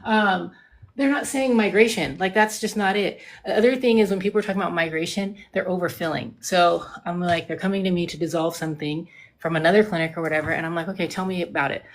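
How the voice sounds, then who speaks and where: Woman, cosmetic nurse practitioner, lower pitch, casual live Q&A, emphatic, informal. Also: fairly even intonation, fast talker. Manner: chatty, emphatic, says "like" and "dude" often. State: getting out of breath.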